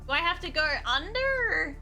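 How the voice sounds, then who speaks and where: A woman's voice: very high voice, sing-song, normal speed, creaky, sharp tone, soft background music. A woman streaming a video game, muttering to herself, swearing freely and humming little nonsense tunes while she plays. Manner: hums and sings nonsense sounds while playing. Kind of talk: live gameplay commentary.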